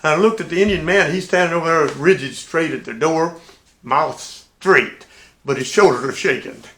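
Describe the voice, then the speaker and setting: An older man and navy veteran telling a sea story in a folksy, animated way. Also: a little high, moderate pace, roomy sound. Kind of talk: casual spoken anecdote.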